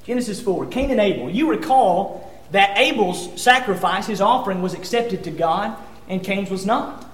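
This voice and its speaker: High-voiced preacher in an echoey room. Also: male voice, animated, moderate pace, a bit bright. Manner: earnest, conversational preaching with many restarts and scripture readings. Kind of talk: sermon.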